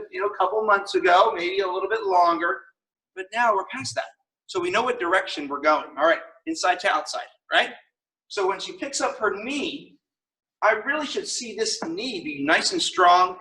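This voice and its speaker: A man's voice: high-pitched, pushed and bright, far from the mic, rough recording. A man teaching a martial arts class on video, upbeat and coaching as he counts out the kicks.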